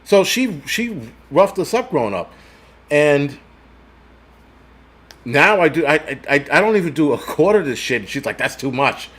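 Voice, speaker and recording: A man's voice: fairly high pitch, big pitch swings, moderate pace, pauses often, fairly bright tone. A man in his forties hosts a loose livestream, swearing freely and rambling as he answers viewer comments. His voice sits slightly above the usual male range. The tone stays blunt and unpolished throughout. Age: 40s. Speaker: host. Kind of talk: casual livestream rant.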